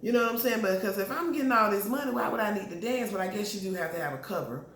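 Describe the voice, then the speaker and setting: A woman's voice: medium pitch, fast, fairly bright tone. A woman recaps a TV episode in casual slang and acts out the characters' lines as she goes. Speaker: TV show recap vlogger. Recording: echoey room, faint background noise.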